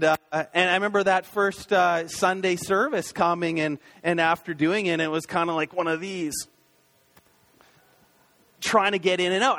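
A man's voice: high voice, a bit bright. A man in his thirties preaching a casual, conversational sermon as a pastor, full of fillers and acted-out inner thoughts. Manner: conversational, many fillers and restarts, acts out inner voices.

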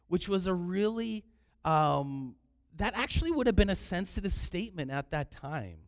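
A man preaching a sermon in an animated way, sometimes raising his voice to act out the people in his story. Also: high voice, normal speed. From Canada. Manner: animated preaching, acting out quoted cries loudly. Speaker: pastor.

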